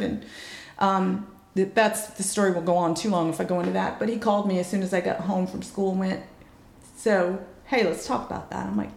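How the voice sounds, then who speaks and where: A woman telling a personal story in candid chat, blunt and frank, acting out quoted lines with jumps in pitch. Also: fairly even intonation, fairly quick, gravelly, echoey room.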